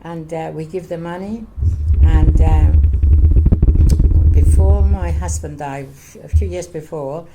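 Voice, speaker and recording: An older woman from Cyprus, Greek her first language, telling her life story in an oral history interview in halting, repetitive English. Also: on the low side, heavy background noise. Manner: halting, repetitive non-native English, earnest.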